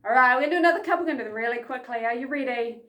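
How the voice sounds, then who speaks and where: Lively high-voiced New woman, kids' instructor, echoey room. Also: rapid-fire. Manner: energetic, chanting and calling out game sounds. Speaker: children's program instructor. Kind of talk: lively kids' lesson from home.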